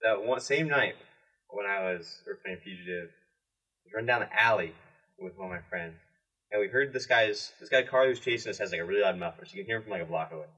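Young man, low and husky, relaxed matter-of-fact delivery, slightly off-mic. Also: fast, distant mic, highs cut off. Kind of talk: casual chat among friends.

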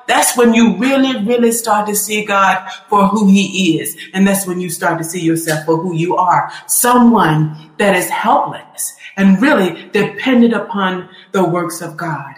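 A woman's voice: mid-range voice, a bit bright. A woman preaching a sermon, fervent and emphatic, building her points through repetition and quoting scripture. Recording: roomy echo.

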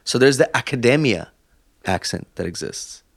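A man's voice: mid-range voice, animated, normal speed, gravelly. A man co-hosting a podcast, explaining his views at length with examples in casual chat. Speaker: podcast co-host.

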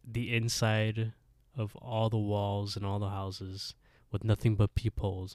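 A man's voice: lowish voice, a little mellow, no room sound. A man co-hosting a podcast, animatedly retelling a story in casual chat and laughing often. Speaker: podcast co-host.

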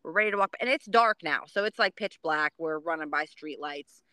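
A woman co-hosting a podcast, telling a story in casual chat, swearing freely and acting out quotes in a high voice. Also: a little fast, sharp tone, clean tone, dry recording. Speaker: podcast co-host.

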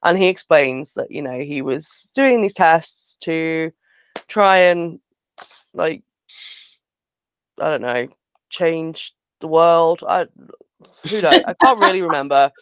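A woman's voice: sits low, animated, slow pace, long pauses, clean tone, no echo. A woman co-hosting a podcast, chatting casually and frankly as she recaps a film with sarcastic asides. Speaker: podcast co-host.

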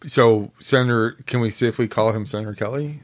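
A man's voice: mid-range voice, brisk. A man co-hosting a podcast, joking around in casual chat. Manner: playful and joking. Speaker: podcast co-host.

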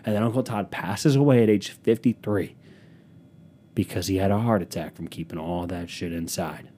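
A young man rambling through a sarcastic comedic monologue at home, swinging between loud bursts and low mutters. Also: normal speed.

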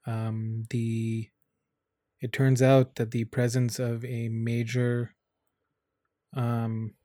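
A man's voice: medium pitch, completely flat delivery, drawn-out words, dark tone, no echo, studio quality. A young man giving blunt, angry commentary to camera, swearing often. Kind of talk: casual vlog commentary.

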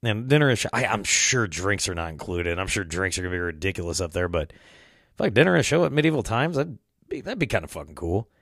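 A man's voice: sits low, sing-song, fast, creaky, a bit bright, dry recording, clean studio sound. A man hosting a podcast, rambling through a casual story, swearing a lot and laughing as he talks. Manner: rambling, swears often, laughs mid-sentence. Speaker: podcast host.

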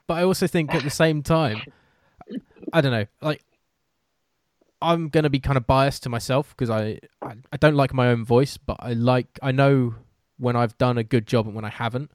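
A man's voice: medium pitch, steady tone, moderate pace, no echo, clean studio sound. A British man hosting a casual chat, a sports commentator who talks in a loose, self-deprecating way with many restarts.

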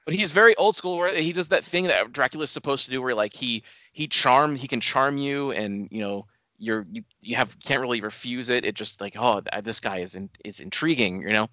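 A man's voice: medium pitch, a little fast, few pauses, pushed and bright, no echo, dull audio. A man co-hosting a podcast, chatting casually about movies in a rambling way and laughing often. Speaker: podcast co-host.

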